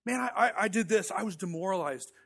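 A man's voice: high-pitched, animated, fast talker, vocal fry, fairly bright tone, soft background music. A man in his thirties preaching a sermon as a pastor, telling a personal story in a conversational, self-deprecating way and often repeating words as he goes.

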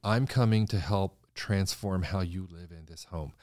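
A man, a designer guest in an interview, telling stories in an animated way and acting out the voices of people he quotes. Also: deep voice, unhurried, no room sound, studio quality. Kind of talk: conversational interview storytelling.

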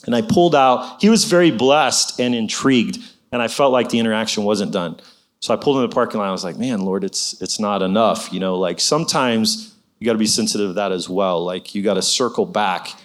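This middle-aged man speaks fairly quickly in a fairly low voice, recounting his own faith journey in a chatty, sermon-like way. Exhortations to the audience are sprinkled with frequent "you know"s.

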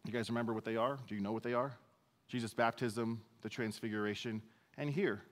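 A male pastor works through scripture in a sermon. He stays relaxed and conversational and slips in self-deprecating asides. His voice sits at an average pitch for a man. It rings out with a long reverb, as in a large church hall. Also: brisk. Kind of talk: sermon, verse-by-verse teaching.

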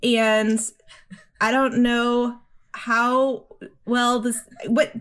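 A woman's voice: a little high, flat delivery, extremely slow, a bit bright, clean tone. A woman co-hosting a podcast from home over headphones, animatedly recapping an anime episode and laughing. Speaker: podcast co-host. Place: home, room with paper cranes on the wall. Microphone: headphones on a video call.

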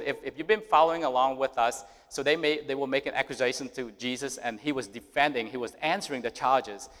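Male pastor, mid-pitched voice, chatty sermon with scripture reading, long hall reverb. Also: fairly bright tone. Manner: conversational preaching, reads scripture then asks listeners questions.

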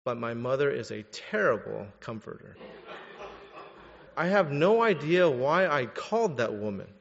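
A young adult man preaching a sermon, candid and animated as he tells personal stories, then direct as he exhorts his listeners. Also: mid-range voice, unhurried, creaky. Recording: dull recording in a reverberant hall.

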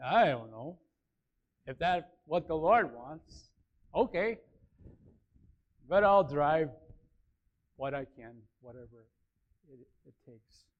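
Man, high voice, sermon, conversational, repeats phrases, builds to emphatic peaks. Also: expressive, takes it slowly, long pauses, highs cut off. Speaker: pastor.

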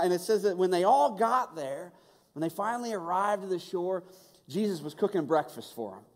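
Pastor in a reverberant hall, raised voice. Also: male voice, high-pitched, brisk. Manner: lively storytelling with humor and restarts. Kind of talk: sermon. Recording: long reverb of a large hall.

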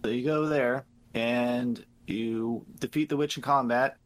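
A man co-hosting a casual game review podcast, recapping the plot with lots of swearing and quick impressions of the characters. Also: medium pitch, steady tone. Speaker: podcast co-host.

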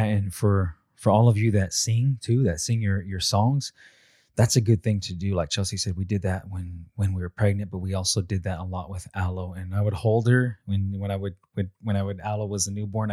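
Deep-voiced man, calm and measured. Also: no echo, studio quality. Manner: measured, repeats words as he thinks. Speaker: father sharing parenting traditions. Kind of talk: reflective talk.

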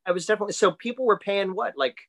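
A man's voice: high-pitched, rapid-fire, vocal fry, fairly bright tone. A man co-hosting a podcast, rambling through his thoughts in a casual chat and laughing easily. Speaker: podcast co-host.

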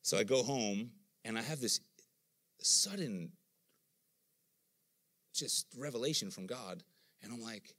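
Speaking slowly at medium pitch, with long pauses, a middle-aged man preaches a sermon. He's an animated storyteller who acts out the voices he quotes.

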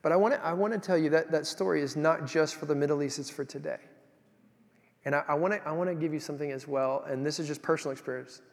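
A man preaching a sermon, telling stories in an animated way that swings from loud to hushed. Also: on the high side, fast talker, in a large hall.

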